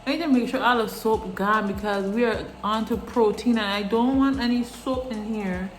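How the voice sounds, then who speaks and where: A young woman vlogger chatting casually while washing her hair, animated, laughing often and swearing freely. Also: a little high, normal speed. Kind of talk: casual chat. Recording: echoey room with faint music.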